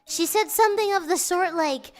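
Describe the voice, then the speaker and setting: A woman's voice: very high-pitched, moderate pace, soft background music. A young woman streamer chatting casually to her viewers, telling stories in a playful, chatty way. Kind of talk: casual chat.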